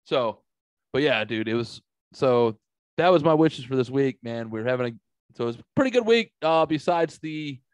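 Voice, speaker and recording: A man's voice: mid-range voice, expressive, normal speed, clear, resonant tone, no room sound. A middle-aged man from the St. Louis area, hosting a podcast and telling a story in casual, profanity-filled chat. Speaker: podcast host.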